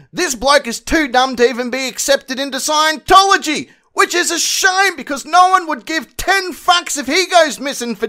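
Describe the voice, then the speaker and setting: A man's voice: very high-pitched, bright, forceful tone. A man giving crude, mocking commentary on a video. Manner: crude, mocking, theatrical swings. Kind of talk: profane comedic video commentary.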